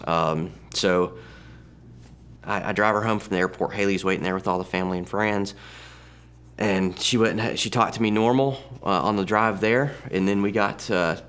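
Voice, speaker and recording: A man in his thirties sharing a personal testimony in a halting, conversational way, often restarting his sentences. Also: lowish voice, steady tone, fairly bright tone, smooth. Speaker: church testimony speaker.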